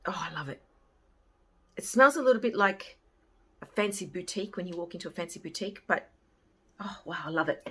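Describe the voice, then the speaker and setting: A woman casually reviewing beauty products she bought, chatty and often trailing off softly at the ends of her thoughts. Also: fairly low pitch, fairly quick, long pauses, slightly rough. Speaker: beauty haul vlogger.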